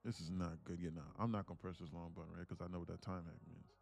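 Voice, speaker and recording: A man day trading on a live stream, talking to himself in low mutters and sudden excited bursts, laughing often. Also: racing, creaky, soft background music. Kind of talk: casual live-stream commentary.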